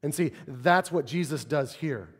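Pastor delivering a sermon; higher-pitched man, lively storyteller, recorded in a big reverberant room. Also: measured pace, breathy edge. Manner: animated storytelling, acts out quotes. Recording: long reverb of a large hall.

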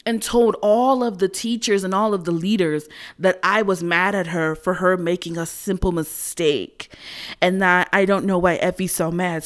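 Young woman, American, candid storytelling, blunt, profane, animated, frequent laughter. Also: on the low side.

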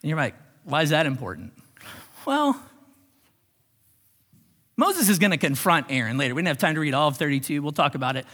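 A male pastor delivers a sermon with a husky, slightly high voice. His pitch leaps around expressively, and he swings from loud exclamations to hushed whispers. The sound carries the long reverb of a church sanctuary. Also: lively intonation, rapid-fire, few pauses. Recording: long reverb of a large hall.

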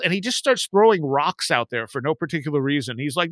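A man's voice: a little high, fast talker, few pauses, no echo. Chatty man telling a spooky story. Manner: rambling, animated when quoting friends. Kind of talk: casual storytelling on a podcast.

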